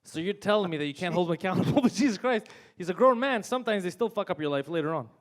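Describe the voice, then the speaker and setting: A man with a high voice co-hosting a live comedy podcast, rattling off a story at a rapid clip. His delivery is joking and quick, and he trades lines easily with the guests. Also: expressive. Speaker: podcast co-host.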